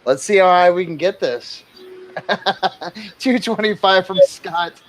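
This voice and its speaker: A man's voice: high-pitched, slow pace, rough recording. A man calling out bids in a casual livestream art auction, joking and exclaiming over each new bid.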